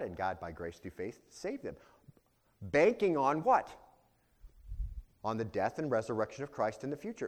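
A male pastor preaching a teaching sermon, often asking rhetorical questions and turning higher and louder when he voices quoted prayers. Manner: rises in pitch for quoted prayers.

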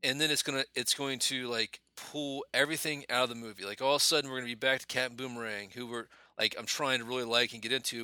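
A man's voice: mid-range voice, fairly even intonation, fast talker, hardly any pauses, bright, forceful tone, clear, resonant tone, no room sound. A man co-hosting a podcast in casual movie chat, rambling loosely and swearing in passing. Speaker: podcast co-host.

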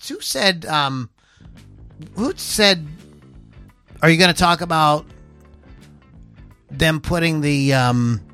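A man's voice: on the high side, animated, slow pace, long pauses, pushed and bright, clear, resonant tone, soft background music. A man hosting a casual podcast chat, rambling with many fillers and restarts. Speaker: podcast host.

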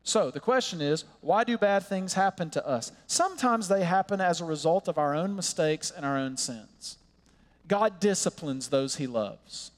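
High-voiced man preaching in an echoing hall. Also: animated. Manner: earnest, impassioned preaching with slow emphatic pauses. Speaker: pastor. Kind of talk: sermon. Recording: long hall reverb.

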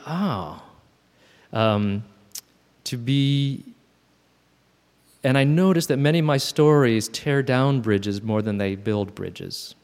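A man's voice: fairly low pitch, darkish tone. A man in his fifties giving a thoughtful, self-reflective personal talk at a gathering, often restarting his sentences. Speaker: speaker at a gathering. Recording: long hall reverb.

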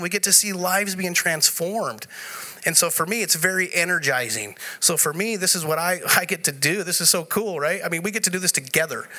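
A man speaking at a conference, telling a personal story in an animated way, often laughing as he goes. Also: high voice. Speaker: conference speaker sharing testimony. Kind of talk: live conference talk. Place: conference room before an audience.

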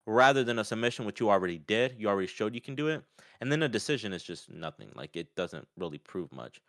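A man talking casually about a fight, often acting out what others said in a raised, lively voice. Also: on the low side, fast, dry recording, clean studio sound. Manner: animated, acts out quotes in raised voice. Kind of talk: casual sports chat.

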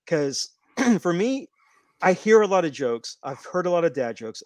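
A man with a slightly high voice rambles through a long story on a casual podcast. He restarts his sentences often. The sound is close and dry, with no room around it. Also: sing-song, moderate pace, no echo. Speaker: podcast co-host. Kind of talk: casual wrestling podcast chat.

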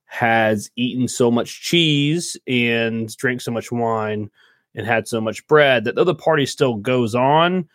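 A man's voice: mid-range voice, takes it slowly, a bit bright, dry recording. Rambly guy dming a tabletop game, mid voice, dry close sound. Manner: casual, rambling, laughs often. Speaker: game master.

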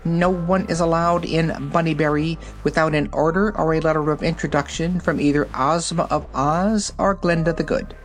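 Guy doing a snooty officious storybook rabbit, clipped and high. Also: fairly even intonation, moderate pace, hardly any pauses, soft background music, lightly acted. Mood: sharp. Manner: pompous, sharp, officious. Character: pompous sharp white rabbit gatekeeper, male.

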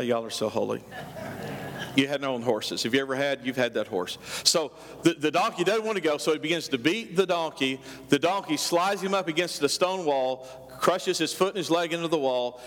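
A man's voice: a little high, a bit bright, long reverb tail. A man preaching a sermon, telling a story with animation and calling out questions to his congregation. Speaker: pastor.

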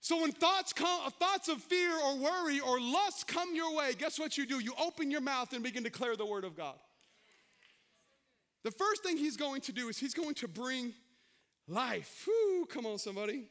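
High, bright-voiced preaching man. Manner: animated preaching, shouting calls to the congregation; folksy, joking asides. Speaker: pastor. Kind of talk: sermon.

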